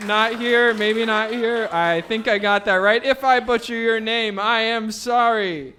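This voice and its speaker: A man's voice: sits high, steady tone, a little slow, hardly any pauses, sharp tone, slight background noise. A man emceeing a raffle at a live fundraiser event, joking and bantering playfully with the crowd as he announces the winners. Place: indoor event venue with a live audience.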